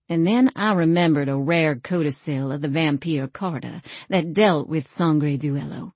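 A woman reading a first-person novel aloud as an audiobook narrator, in a measured, dry storytelling manner. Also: sits low, a little mellow, dry recording.

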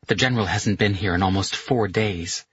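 A man voicing an affectionate young woman, speaking softly with a lightly raised voice. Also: on the low side, moderate pace, dull audio, slight background noise, close to an everyday voice. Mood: warm.

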